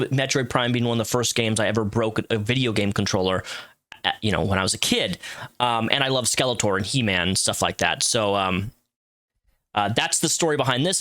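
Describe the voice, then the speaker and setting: A man's voice: medium pitch, fairly bright tone. A man in his thirties giving casual, rambling commentary with frequent restarts and fillers. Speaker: commentary youtuber.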